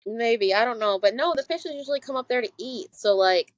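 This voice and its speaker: Chatty higher-voiced woman cohost. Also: animated, a little fast, no room sound, low-quality recording. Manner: rambling, heavy on filler words. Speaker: podcast cohost. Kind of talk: casual chat.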